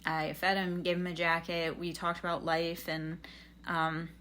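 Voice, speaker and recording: A woman's voice: on the low side, flat delivery, measured pace, sharp tone, slight background noise. A young adult woman on a livestream reading tarot, telling a rambling, earnest story full of fillers and advice. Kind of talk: casual chat.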